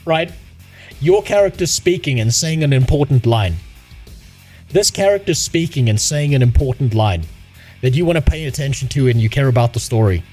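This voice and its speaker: A man's voice: medium pitch, lively intonation, normal speed, a little mellow, slightly rough, soft background music. A man ranting on a live stream about a game, profane and sarcastic. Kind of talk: casual live-stream rant.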